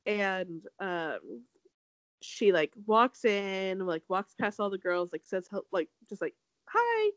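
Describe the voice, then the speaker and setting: A young woman co-hosting a casual chat, talking fast and loose, laughing often and acting out quotes. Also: fairly even intonation, dry recording, muffled recording. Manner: chatty, laughs often, acts out quotes with big pitch jumps. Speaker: podcast co-host. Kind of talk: casual chat recapping a reality show.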